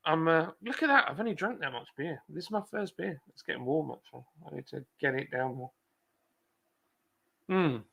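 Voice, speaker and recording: Bloke chatting on a livestream, gravelly and bright, rambly, laughs at himself, lots of ums. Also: male voice, fairly high pitch, lively intonation, normal speed. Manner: chatty, self-deprecating, rambling with many fillers. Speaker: brewery livestream host. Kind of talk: casual live chat reading comments.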